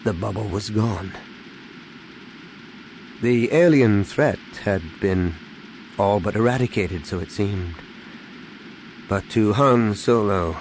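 A man reading an audiobook in a measured, dramatic narration. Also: lowish voice, slight background noise, poor audio. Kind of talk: scripted narration.

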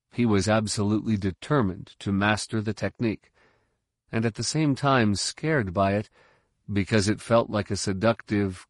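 A man narrating a novel in a measured, steady way. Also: lowish voice, no echo, clean studio sound. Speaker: audiobook narrator. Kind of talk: scripted narration.

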